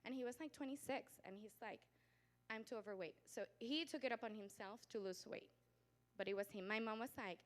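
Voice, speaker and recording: A woman doctor giving a lively conference lecture, acting out patients and relatives and laughing often. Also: a little high, fairly quick. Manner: animated storyteller, acts out patients and family; laughs often, talks with growing volume. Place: conference hall.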